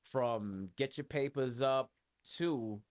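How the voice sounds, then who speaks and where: Speaking slowly at medium pitch, this New York-accented podcast host and music producer from New York rambles loosely through his solo show, swearing and filling space with lots of fillers.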